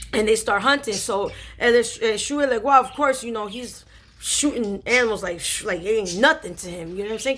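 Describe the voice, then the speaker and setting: A woman spiritual reader casually retelling a story in slangy, animated speech with lots of fillers. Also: fairly high pitch, a little hiss or hum.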